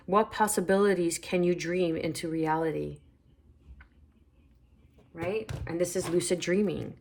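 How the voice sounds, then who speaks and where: A woman giving a spiritual tarot reading, unhurried and reflective, repeating phrases as she pulls cards. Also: on the low side, fairly even intonation, vocal fry. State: hiccuping. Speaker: tarot reader.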